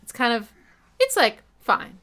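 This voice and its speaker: At a listening party, a woman excitedly dissects the rhythms and chords of a track as the album plays in the background, scatting and humming the riffs and cursing offhandedly when she messes up. She sounds very animated yet unhurried, with a slightly high, sharp-toned voice.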